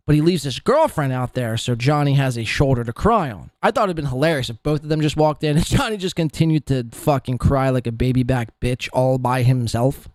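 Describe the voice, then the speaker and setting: A man's voice: mid-range voice, brisk, darkish tone, no room sound, studio quality. A man hosting a podcast in a casual, crude, mocking way, swearing freely. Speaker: podcast host.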